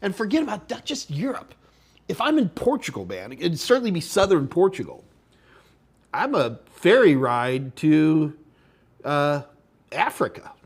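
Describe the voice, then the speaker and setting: A man hosting a live tech question-and-answer stream, rambling casually and thinking out loud as he reads viewer chat. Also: on the high side, very animated, unhurried, husky. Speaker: tech instructor and show host.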